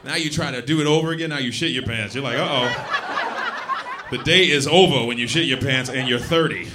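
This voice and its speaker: A man doing a stand-up comedy set on stage, acting out both sides of scenes and dropping to a hushed voice for asides. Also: quick pace, background noise. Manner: drops to a low hushed voice for asides. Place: comedy club stage with laughing audience. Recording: live club, loud crowd laughter.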